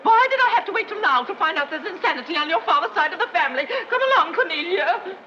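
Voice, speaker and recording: A woman's voice: extremely high pitch, expressive, quick pace, bright, forceful tone, heavily acted. An actress playing a flighty, fussy, snobbish society mother with a twittering, fluttery manner, in 1930s screwball film acting. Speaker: film character. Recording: muffled 1930s film soundtrack with faint hiss.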